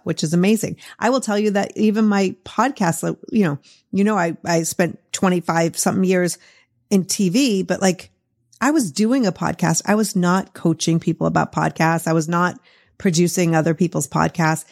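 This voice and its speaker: A middle-aged woman with a Boston accent hosts a podcast, chatting casually and encouragingly in an interview and laughing easily. Her lowish voice is gravelly and a little mellow, at normal speed.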